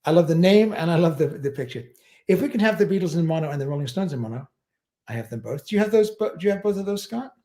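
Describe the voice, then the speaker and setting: A man's voice: on the high side, lively intonation, quick pace, warm tone. A man hosting a casual livestream chat, telling rambling stories and chuckling as he talks. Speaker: livestream host.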